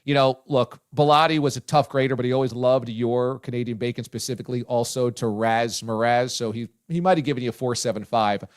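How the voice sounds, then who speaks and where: A male sports radio host giving loud, effusive praise and chatting casually with his guest. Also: mid-range voice, fairly even intonation, fairly quick, hardly any pauses, clean tone. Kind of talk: casual talk radio chat.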